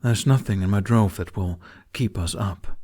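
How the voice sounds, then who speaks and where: A man's voice: fairly low pitch, normal speed, dark tone, close to an everyday voice. A man reading the part of a male dragon companion in an audiobook, teasing in a dry, matter-of-fact way.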